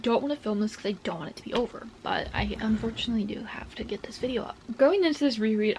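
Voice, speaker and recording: A woman's voice: on the high side, darkish tone, slight background noise. A young woman book vlogger chatting casually, gushing and emotional, often dropping to a whisper. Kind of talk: casual reading vlog.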